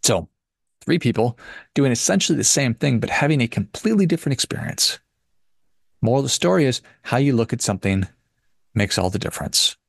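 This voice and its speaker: A man's voice: medium pitch, vocal fry, dry recording, studio quality. A man hosting a personal finance podcast who gives a casual motivational talk in an emphatic, preachy way and repeats his points.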